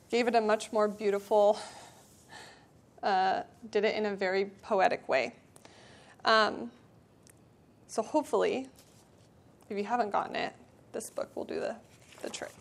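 A woman speaking earnestly to a church community in a conversational devotional talk, then reading a storybook aloud. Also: on the high side. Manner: earnest, conversational, with filler words.

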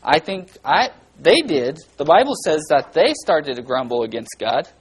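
A children's church teacher giving an animated Bible lesson, asking the kids lots of questions and breaking into loud, dramatic bursts. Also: medium pitch, moderate pace, slightly rough, low-quality recording.

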